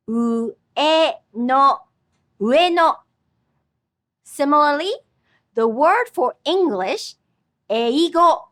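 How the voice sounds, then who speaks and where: A woman teaching a scripted language lesson, speaking slowly and clearly, with words spoken twice for the listener to repeat. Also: sits high, fairly bright tone, no room sound, clean studio sound. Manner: slow, careful, clearly enunciated instruction.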